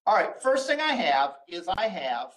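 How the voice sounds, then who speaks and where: High-voiced man lecturing on code. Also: sing-song, moderate pace, a bit bright, low-quality recording. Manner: explains step by step, frequent "uh" and restarts. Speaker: college instructor. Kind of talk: recorded screen-share lecture.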